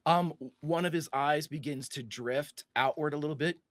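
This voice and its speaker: A man's voice: a little high, moderate pace, dry recording. A man narrating a tabletop game as game master, loose and rambling with many fillers and restarts.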